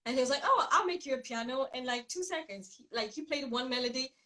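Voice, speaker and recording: A woman rapper being interviewed over a video call, upbeat and chatty, quick to laugh, in her groggy morning voice. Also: high voice, sharp tone, rough recording. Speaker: rapper guest.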